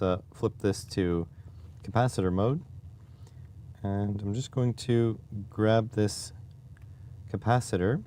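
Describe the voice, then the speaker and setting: Casual streamer: low, dark-toned man, relaxed musing delivery with fillers, faint noise behind. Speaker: streamer testing electronics. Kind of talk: casual livestream chat.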